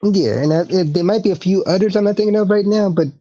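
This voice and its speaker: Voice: mid-range voice, fast talker, mellow. A podcast co-host in a chatty, casually swearing conversation. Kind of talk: casual wrestling recap chat. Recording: dull lo-fi recording.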